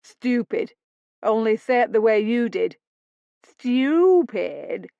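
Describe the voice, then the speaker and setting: A woman's voice: fairly high pitch, steady tone, a little slow, mellow, clear, resonant tone, no echo. A woman reading an audiobook, voicing a mocking, sardonic roguish man with a drawling sarcasm. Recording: dull dry lo-fi studio read.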